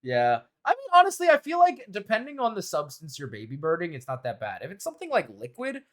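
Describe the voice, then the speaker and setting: A man's voice: high-pitched, wildly swooping pitch, fast talker. A man streaming a game, chatting casually with viewers, laughing often, swearing freely and playfully defending himself. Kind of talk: casual livestream chat with viewers.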